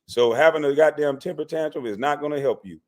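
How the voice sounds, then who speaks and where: A man's voice: on the high side, fast talker, darkish tone. A man hosting a call-in livestream, arguing bluntly and profanely with callers. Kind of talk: heated call-in banter.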